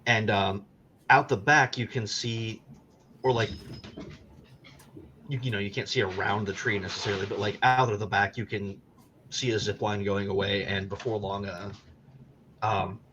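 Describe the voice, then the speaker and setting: Laid-back low-voiced man narrating a game. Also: fairly even intonation, moderate pace, long pauses, pushed and bright, highs cut off, slight background noise. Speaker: game master.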